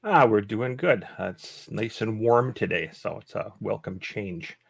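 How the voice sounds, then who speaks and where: A man from the Midwest chatting casually on a video call, relaxed with dry teasing. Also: on the low side, unhurried, creaky, husky. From Midwest of the United States. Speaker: guest presenter. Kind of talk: casual chat.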